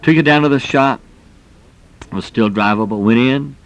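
A man's voice: medium pitch, normal speed. A middle-aged man preaching a sermon in a folksy, emphatic way, peppering his talk with exclamations.

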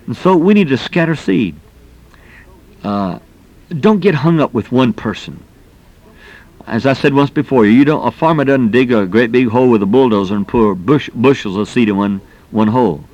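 A man's voice: mid-range voice, darkish tone. Middle-aged preacher man, folksy and punchy, keeps saying man, medium voice. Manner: folksy and emphatic, exclamations of "man". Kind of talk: sermon.

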